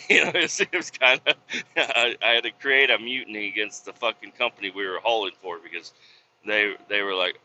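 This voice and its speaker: A man's voice: fairly low pitch, a little fast, pushed and bright. A man, a truck driver, telling a long, rambling, profane story in casual, exasperated chat. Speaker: podcast host, truck driver. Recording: dull lo-fi with faint noise.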